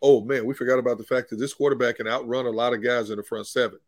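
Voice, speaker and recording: A man's voice: mid-range voice, level tone, very fast, no echo. Male sports reporter: mid-range voice, earnest explainer, dry close mic. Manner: earnest explainer, repeats points. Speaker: football reporter and analyst. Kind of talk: sports analysis on a talk show.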